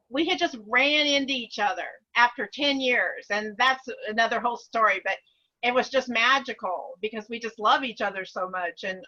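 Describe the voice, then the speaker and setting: Woman gushing on a video call, bright sharp voice, kinda dull muffled audio, lots of restarts. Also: on the high side. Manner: eager, rambling, many restarts and laughs. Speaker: course participant. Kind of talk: casual sharing on a group video call.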